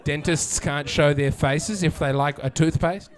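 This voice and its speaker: A man's voice: on the high side, fairly even intonation, unhurried. A man doing a sardonic stand-up set, chatting with the crowd and acting out quotes. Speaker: stand-up comedian. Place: comedy venue with live audience.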